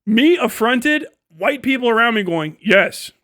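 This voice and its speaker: A middle-aged man hosting a livestream, talking in a casual, animated rant with frequent swearing and incredulous outbursts. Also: sits high, normal speed. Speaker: livestream host.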